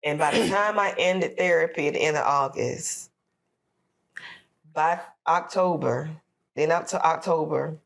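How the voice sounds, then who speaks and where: A woman's voice: sits low, a little slow, vocal fry. A woman from Florida telling an emotional personal story on a podcast, acting out her prayers and what others said. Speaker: podcast guest.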